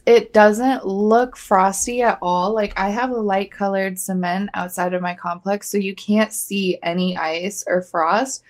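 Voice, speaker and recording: A young woman from Georgia co-hosting a podcast, telling a rambling story full of fillers. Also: mid-range voice. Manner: chatty storyteller, full of likes and restarts. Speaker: podcast co-host. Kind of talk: casual chat.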